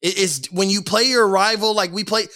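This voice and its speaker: High bright young man, animated sports chat. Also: normal speed. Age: young adult. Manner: animated, repeats himself, says "like" and "bro" a lot. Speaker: podcast guest.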